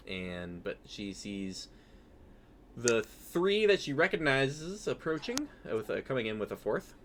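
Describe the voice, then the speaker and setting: A man's voice: low-pitched, fairly bright tone, a little hiss or hum. A man narrating as game master of a tabletop game, rambling with many fillers. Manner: rambling, filler-heavy, laughing often.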